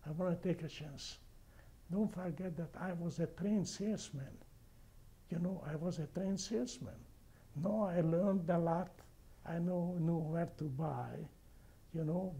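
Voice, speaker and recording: An older man with a heavy foreign accent, not a native English speaker, recalling his life in a halting way, with restarts and repeated words. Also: a little high, dark tone, breathy edge. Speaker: interviewee. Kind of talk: oral history recollection.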